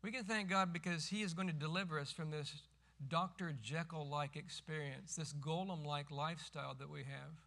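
A middle-aged man preaching a sermon as pastor, emphatic and rising to forceful cries when quoting scripture. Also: a little high, steady tone, normal speed, gravelly.

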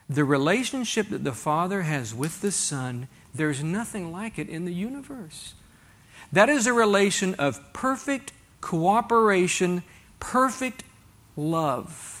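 A man preaching to his congregation in a high, bright voice. He reads scripture aloud, then talks to the people in a conversational way and puts rhetorical questions to them. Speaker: pastor. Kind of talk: sermon.

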